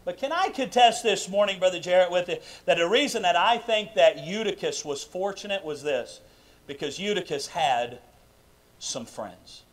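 A man preaching a sermon in a church sanctuary, emphatic and full of questions to the congregation, swinging between loud bursts and quiet asides. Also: high-pitched, animated, normal speed. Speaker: pastor. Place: church sanctuary during a live service.

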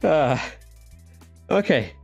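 A man's voice: fairly high pitch, sing-song, extremely slow, vocal fry, a little mellow, husky, highs cut off, soft background music. A man commenting as he plays horror games, joking and laughing easily and chatting to the characters on screen. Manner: jokey, laughs easily, talks to the game characters. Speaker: gaming video host. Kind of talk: horror game let's play commentary.

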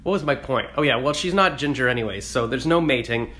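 A man's voice: mid-range voice, fast talker, sharp tone. A man rambling through a jokey, self-deprecating casual vlog. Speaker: vlogger.

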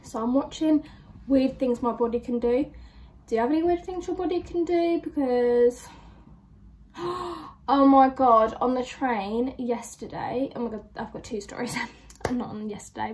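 A woman's voice: on the high side, normal speed, a little mellow. A young woman, chatting and telling stories animatedly as a reaction vlogger. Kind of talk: casual reaction vlog storytelling.

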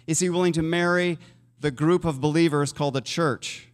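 In a church sanctuary with a long reverberant tail, a male pastor with a fairly high voice preaches at a moderate pace. His intonation stays fairly even as he chats with his listeners and asks them questions.

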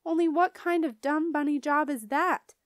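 A woman's voice: high voice, normal speed, no echo, studio quality, pitched above the performer's own voice, close to an everyday voice. A woman voicing a bossy, chatty little kindergarten girl in a raised, eager voice. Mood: urgent.

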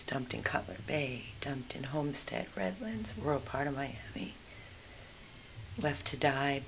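Woman dog rescuer, deep-set voice, baby-talk and whispers to animals, vet clinic with steady noise behind. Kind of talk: casual vlog narration and talk to dogs. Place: veterinary clinic indoors. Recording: clear background noise.

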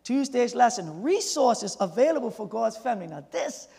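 A Sabbath School teacher leading a church Bible discussion, urgent, calling on others and bursting into shouted emphasis. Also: mid-range voice, big pitch swings, moderate pace, vocal fry. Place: church sanctuary. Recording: long church-hall reverb.

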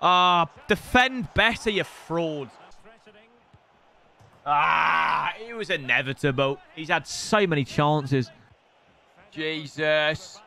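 A young streamer's voice is a little high and creaky, and he speaks slowly with long pauses. Even so, his gameplay commentary is excitable as he trash-talks his opponent and shouts at the big moments.

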